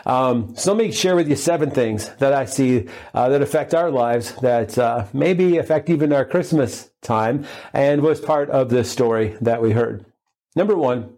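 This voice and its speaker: A male pastor delivers a sermon in a relaxed, conversational way. His voice is mellow and warm, at a middle pitch. He fills his talk with fillers and humorous asides.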